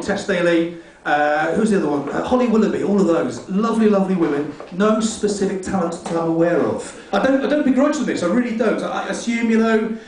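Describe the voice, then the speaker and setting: Stand-up comic, high-pitched, rude and rambling, live from a very echoey club, mic distant. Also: male voice. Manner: rambling, rude, self-mocking. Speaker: stand-up comedian. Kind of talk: stand-up comedy set. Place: comedy club stage. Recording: echoey club room from far off.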